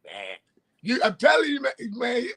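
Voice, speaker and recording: Sports livestream cohost guy, high jumpy voice, bright and husky, laughs a lot. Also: wildly swooping pitch, moderate pace. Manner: laughing, storytelling, loud bursts. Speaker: co-host. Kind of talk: casual sports talk. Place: livestream call.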